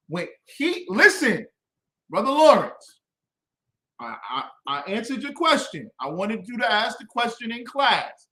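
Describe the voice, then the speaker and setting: A man teaching as a religious instructor, combative and preachy, with loud emphatic bursts. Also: extremely high pitch, sing-song, measured pace, reverberant. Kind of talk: fiery teaching commentary.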